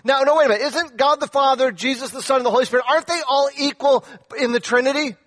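A man preaching a sermon with emphatic rhetorical questions, his voice swinging high and low. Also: fast talker, a bit bright, big-room sound. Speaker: pastor.

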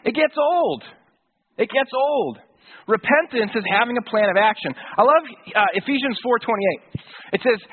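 A man's voice: very high voice, sing-song, fairly quick, husky. A man preaching a sermon in a casual, conversational way, with slang and acted-out quotes. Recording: tinny phone-like sound.

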